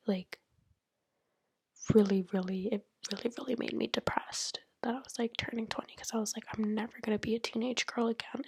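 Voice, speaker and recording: Young woman, 19, casual late-night laptop monologue; hushed, breathy whisper, dry close sound, rambling and self-mocking. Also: mid-range voice, no room sound. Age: 19, turning 20. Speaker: college student podcaster. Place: at home at night. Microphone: laptop mic.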